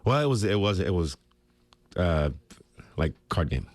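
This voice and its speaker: A man with an extremely low, deep voice, chatting easily as a radio guest. He tells stories at an unhurried pace, laughs often, and sounds close and dry in the studio. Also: big pitch swings, no echo. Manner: laid-back storytelling, laughs easily. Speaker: guest, former pro basketball player. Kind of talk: casual sports radio chat. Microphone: studio microphone.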